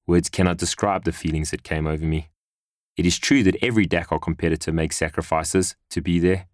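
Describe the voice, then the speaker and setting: A man reading a first-person memoir in a measured, earnest storytelling manner. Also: low voice, dry recording, studio quality. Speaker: narrator.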